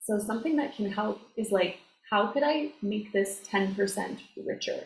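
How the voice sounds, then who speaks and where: Animated woman coach in an echoey room. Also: mid-range voice, moderate pace, vocal fry. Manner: animated, filler-heavy, acts out quoted voices. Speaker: success coach guest. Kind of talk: casual conversational interview. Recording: roomy echo, faint noise.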